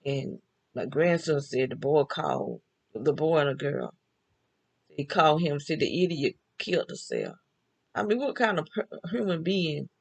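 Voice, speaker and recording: Older woman, gravelly voice, chatty storyteller who laughs often. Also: low-pitched, poor audio. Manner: chatty, laughs often, talks back and forth with herself. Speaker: vlogger. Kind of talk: casual storytelling monologue.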